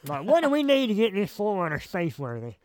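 Laid-back man with a slightly higher voice. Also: huge pitch swings, fast talker, no echo. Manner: laid-back, trails off with fillers. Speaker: podcast co-host. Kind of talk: casual chat.

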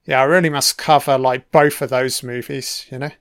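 A man's voice: mid-range voice, steady tone, moderate pace, fairly bright tone, clean tone, no echo, studio quality. A man giving a casual, laid-back film commentary, swearing often and talking back to the characters on screen.

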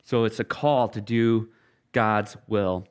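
A middle-aged man preaching a sermon as pastor, earnest, telling stories and slowing down for key phrases. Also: on the low side, fairly even intonation, clear, resonant tone.

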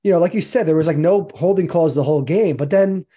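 A man's voice: fairly high pitch, fast talker, warm tone, slightly rough. A man co-hosting a casual podcast, venting his disappointment in an easy conversational way. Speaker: podcast co-host. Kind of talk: casual sports chat.

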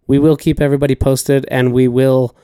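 A man co-hosting a casual podcast, easygoing and quick to laugh. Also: mid-range voice, level tone, dark tone, clear, resonant tone, no room sound, studio quality. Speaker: podcast co-host.

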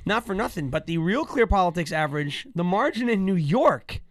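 A man co-hosting a casual political talk show, mocking and animated, who sometimes jumps into squeaky joke voices. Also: fairly quick, dry recording, studio quality. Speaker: co-host.

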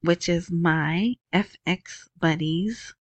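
Slow, chatty woman podcast host. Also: fairly low pitch, no room sound. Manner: chatty, rambling, apologetic, excitable. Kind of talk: casual solo podcast talk.

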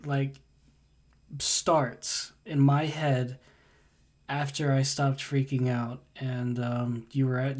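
A young man in casual chat, recalling an old memory in a relaxed, reflective way. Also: mid-range voice.

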